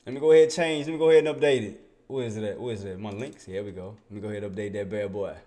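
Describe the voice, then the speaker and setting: A man giving casual live commentary on his day trading, excitable and chatty, laughing with his chat and muttering to himself while he searches his screen. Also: on the low side, racing. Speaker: day trader streaming live.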